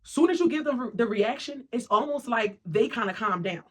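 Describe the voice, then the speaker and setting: A rapid, emphatic motivational monologue. The speaker keeps checking in with the listener through short asides and slips into quick impressions of other people's voices. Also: medium pitch, expressive, fairly bright tone. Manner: emphatic, keeps asking "right?" and "okay?".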